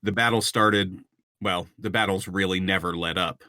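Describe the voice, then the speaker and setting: A man's voice: low-pitched, fairly even intonation, moderate pace, pushed and bright, no echo, studio quality. A man narrating a tabletop game as game master, describing scenes with frequent ums and restarts.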